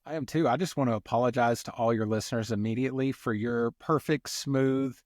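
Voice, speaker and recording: A man's voice: mid-range voice, a little fast, darkish tone, no room sound, studio quality. Nasal man with a country twang. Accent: American country twang. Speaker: guest, community founder. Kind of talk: casual interview talk.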